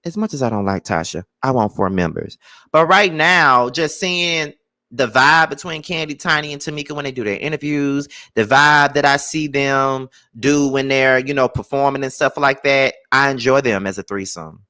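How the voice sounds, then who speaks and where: A man's voice: medium pitch, moderate pace, pushed and bright. A man with a Mississippi Southern accent, chatting animatedly and slangily in a casual TV review vlog. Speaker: YouTube TV reviewer.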